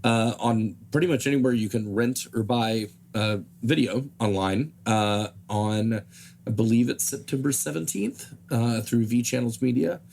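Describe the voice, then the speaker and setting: A hoarse man talking as a podcast guest in casual chat, halting and filling pauses with "uh". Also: medium pitch, a little mellow, a little hiss or hum. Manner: halting, with many fillers.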